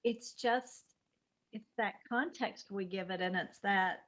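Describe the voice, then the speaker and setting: A woman co-hosting a spiritual talk show, chatty, with quick asides, laughter and many "I mean"s. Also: mid-range voice, fairly bright tone. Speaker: podcast co-host. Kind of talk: spiritual conversation.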